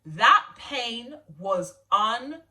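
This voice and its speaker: A young woman telling a personal story to camera in an animated, chatty way, laughing and repeating phrases for emphasis. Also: fairly high pitch, unhurried. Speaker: vlogger.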